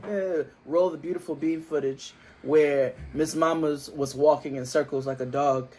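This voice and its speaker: Man, fairly high voice, casual recap co-host, jokey and quick to laugh. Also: steady tone, a little mellow. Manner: laughs often, riffs on the scenes.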